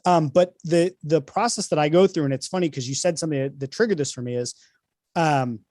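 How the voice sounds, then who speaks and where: A man's voice: fairly high pitch, a little fast, a little mellow, no room sound. Fluent man with a dry, close sound. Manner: fluent, structured explaining. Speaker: author, guest host. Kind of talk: casual conversation.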